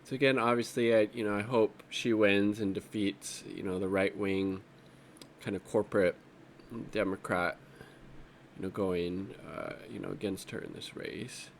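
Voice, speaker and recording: A man's voice: on the low side, fairly even intonation, normal speed, vocal fry, a little hiss or hum. A man giving casual off-the-cuff political commentary while browsing social media, rambling and profane, with an exasperated edge.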